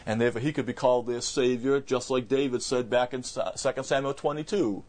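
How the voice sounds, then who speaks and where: A man's voice: mid-range voice, fairly even intonation, fairly quick, darkish tone. Emphatic male Bible preacher. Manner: emphatic, with repeated words and restarts. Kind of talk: expository Bible sermon.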